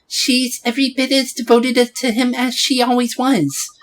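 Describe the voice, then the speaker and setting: A fussy old woman neighbor, put on by a man reading a game aloud, speaks in a raised, soft voice. She gossips on and on in a sympathetic tone. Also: very high-pitched, little pitch movement, normal speed, pitched above the performer's own voice, rough recording. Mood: gossipy.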